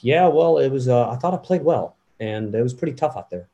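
A man doing an impression of an American pro golfer giving a relaxed post-match interview. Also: mid-range voice, a little fast, lo-fi sound, natural voice.

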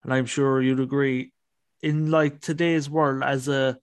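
A man's voice: medium pitch, level tone, a little slow, clear, resonant tone, no room sound. A man hosting an interview podcast, asking loose, rambling questions with fillers. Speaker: podcast host. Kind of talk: casual interview chat.

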